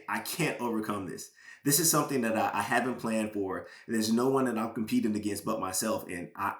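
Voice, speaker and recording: Low-voiced man telling an earnest story. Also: echoey room. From Georgia, USA. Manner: earnest, emotional storytelling with halting restarts. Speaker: podcast guest, former pro football player. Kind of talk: personal testimony in a podcast interview.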